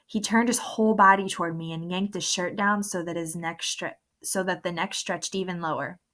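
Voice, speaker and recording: A woman's voice: fairly low pitch, steady tone, normal speed, fairly bright tone. A woman reading a first-person novel aloud in an earnest, emotional storytelling manner. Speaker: audiobook narrator.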